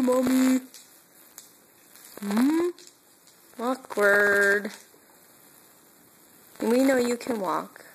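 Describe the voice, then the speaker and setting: A woman's voice: fairly high pitch, a little hiss or hum, rough recording. A woman filming her baby at home on a phone, coaxing him to crawl and cheering him on in baby talk. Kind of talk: home video. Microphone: phone camera.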